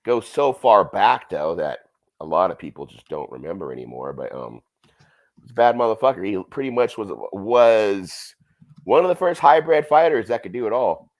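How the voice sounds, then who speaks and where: A man co-hosting a podcast in relaxed casual chat, with drawn-out remarks. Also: fairly low pitch. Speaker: podcast co-host.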